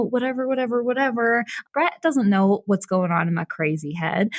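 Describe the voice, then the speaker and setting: A woman's voice: mid-range voice, dry recording, studio quality. A young woman hosting a solo podcast, talking in a casual, candid way and laughing often. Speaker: podcast host and business coach.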